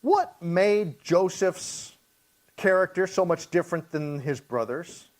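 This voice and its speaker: High-voiced pastor teaching Bible study. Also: male voice, expressive. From Hawaii. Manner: reads scripture slowly then explains in plain talk.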